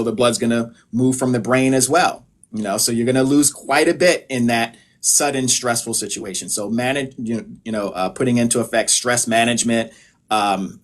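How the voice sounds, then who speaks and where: An American man, apparently a practitioner, talks viewers on a live stream through health advice in a relaxed, explanatory way. His pitch is ordinary for a man, and his loose, casual talk is dotted with filler phrases.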